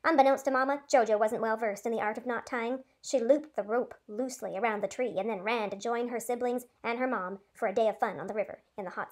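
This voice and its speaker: A teacher reading a story aloud to her class, in a lively, expressive way. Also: fairly high pitch.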